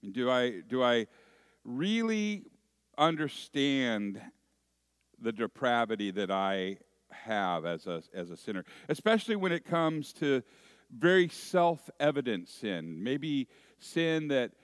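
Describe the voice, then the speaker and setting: Man preaching; slow and deliberate, mid pitch, dry close recording, storytelling with rhetorical questions. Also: clean tone, dry recording. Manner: expressive storytelling with acted asides and rhetorical questions. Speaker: pastor. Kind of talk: sermon.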